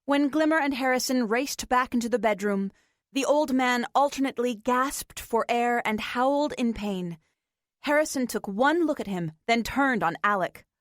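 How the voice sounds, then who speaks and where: A woman narrating a post-apocalyptic audiobook in a slow, even storytelling voice. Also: a little high, no echo, clean studio sound. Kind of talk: scripted narration.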